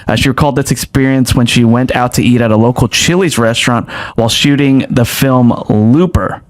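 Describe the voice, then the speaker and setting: A man's voice: medium pitch, a little fast. A man co-hosting a podcast, easygoing as he brings up news items with frequent fillers. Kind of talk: casual podcast chat.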